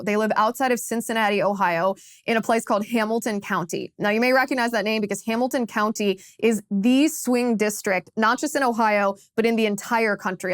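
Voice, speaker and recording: A woman's voice: medium pitch, no room sound. Chatty woman host, dry close sound. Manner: animated, laughs while telling anecdotes. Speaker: political talk show host. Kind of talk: casual storytelling monologue.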